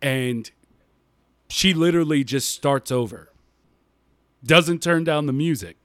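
A man telling funny stories in a casual, animated way, laughing often and dropping his voice low and calm when he quotes himself. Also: takes it slowly, no echo. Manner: uses "y'all" and slang. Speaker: podcast guest storyteller. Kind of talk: casual storytelling.

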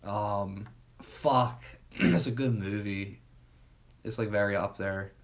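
Laid-back young man, low voice. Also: slow. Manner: laid-back slangy talk with swearing. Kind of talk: casual chat.

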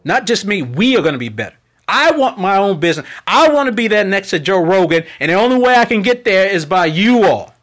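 Man, high voice, podcast host, unfiltered monologue, preachy, repetitive, pleading. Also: lively intonation, a little fast, hardly any pauses, fairly bright tone. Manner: pleading for support.

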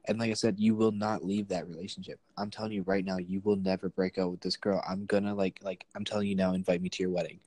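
A man's voice: sits low, little pitch movement, fast talker, few pauses, a little mellow, no echo. A young man hosting a podcast, chatting loosely with a friend and swearing freely. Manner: loose, profane banter with friend. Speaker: podcast host. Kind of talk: casual chat.

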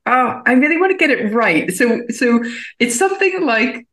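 Bright-voiced, laughing female comedian guest. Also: on the high side, lively intonation, normal speed. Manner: laughs often, enthusiastic. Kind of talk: casual interview chat. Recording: roomy echo.

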